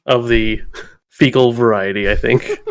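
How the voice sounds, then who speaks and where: A man's voice: medium pitch, steady tone, measured pace, clear, resonant tone. Rambling, laughing podcast co-host man. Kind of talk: casual chat.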